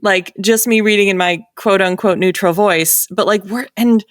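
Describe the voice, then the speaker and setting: A woman's voice: medium pitch, steady tone, moderate pace, no room sound, studio quality. Chatty woman with a light New England accent. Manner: chatty, laughs often, many fillers. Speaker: audiobook narrator. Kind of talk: casual panel chat.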